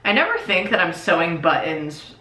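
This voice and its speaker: A young woman vlogs in a loose, self-mocking ramble, a little tipsy as she fumbles with her sewing. Her voice is bright and sits a bit low. The room around her rings with echo. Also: big pitch swings, moderate pace. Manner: chatty, self-mocking, slips into silly voices. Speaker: YouTuber. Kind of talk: casual comedic vlog while sewing and drinking.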